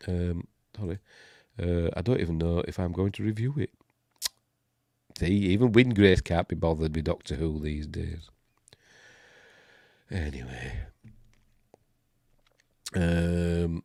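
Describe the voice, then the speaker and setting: A man's voice: low voice, takes it slowly, pauses often, warm tone, no room sound, clean studio sound. A man with a Yorkshire accent hosting a live news stream, reading articles aloud and muttering grumbling asides in between.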